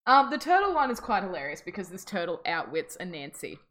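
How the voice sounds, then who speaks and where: A woman telling folk tales in casual chat with a friend, animated and swearing, acting out the characters as she goes. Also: fairly low pitch, brisk, slight background noise.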